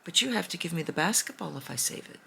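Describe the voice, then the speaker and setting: A woman voicing a male dragon who strikes a sly bargain, speaking in a slow, low, measured storybook voice. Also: expressive, gravelly, pushed and bright, a little hiss or hum, heavily acted.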